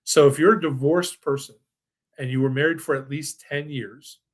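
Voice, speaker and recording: An older man hosting a financial webinar, giving an enthusiastic sales pitch full of restarts and then answering audience questions. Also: fairly even intonation, normal speed. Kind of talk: presentation and live Q&A.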